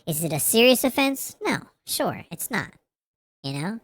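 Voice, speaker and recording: A woman's voice: medium pitch, very animated, measured pace. A woman hosting a reaction commentary, talking bluntly and profanely, with lots of fillers. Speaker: commentary host.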